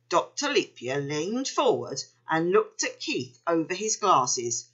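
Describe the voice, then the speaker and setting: A woman reading a children's story aloud in an expressive, unhurried way. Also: lowish voice, slightly rough, lo-fi sound.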